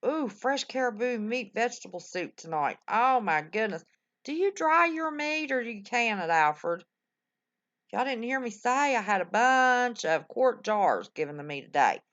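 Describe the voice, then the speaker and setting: A woman's voice: fairly high pitch, big pitch swings, moderate pace, a bit bright, highs cut off. An older woman, chatting folksily with her livestream viewers, full of exclamations. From West Virginia. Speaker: livestream host. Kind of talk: casual chat with live viewers.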